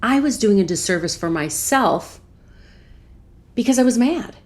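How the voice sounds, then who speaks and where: A woman podcast host earnestly retelling a personal story, acting out both sides of a conversation. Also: fairly high pitch. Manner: earnest, calm, measured.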